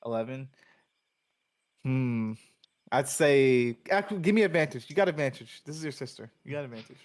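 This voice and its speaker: A man's voice: medium pitch, expressive, normal speed. A man narrating a tabletop game as game master, in a casual, filler-heavy way.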